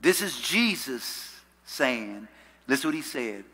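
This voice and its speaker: A man's voice: mid-range voice, very animated, takes it slowly, slightly rough. A preaching man in an echoey church hall. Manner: call-and-response preaching, swells loud then drops soft. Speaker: pastor. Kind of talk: sermon. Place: church sanctuary.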